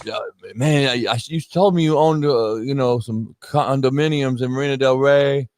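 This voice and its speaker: A man's voice: medium pitch, normal speed, darkish tone, slight background noise. A man co-hosting a sports talk show, ranting heatedly and swearing often in casual chat.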